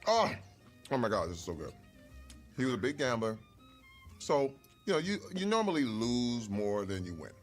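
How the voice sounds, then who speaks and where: A man telling stories from his life in casual conversation over a meal, animated and earnest, sometimes getting emotional. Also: medium pitch, normal speed, pauses often, faint music behind. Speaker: guest.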